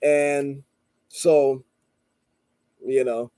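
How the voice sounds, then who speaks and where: Rambling man with a mellow voice. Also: medium pitch, clear, resonant tone, dry recording. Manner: rambling, peppered with "you know" and "blah, blah"; calm and measured, stresses listening before responding. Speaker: channel host and street vendor. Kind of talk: casual storytelling monologue.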